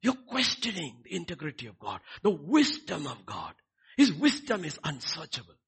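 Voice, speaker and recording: Emphatic pastor with a lively voice. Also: male voice, on the high side, moderate pace, slightly rough. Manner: emphatic preaching with swings from soft to loud. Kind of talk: sermon.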